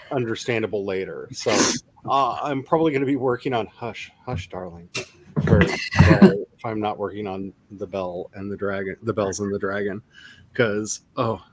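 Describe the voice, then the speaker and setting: A man's voice: fairly low pitch, a little hiss or hum. A man who is an author hosting a casual writing live stream, rambling with chuckles and reading chat comments aloud.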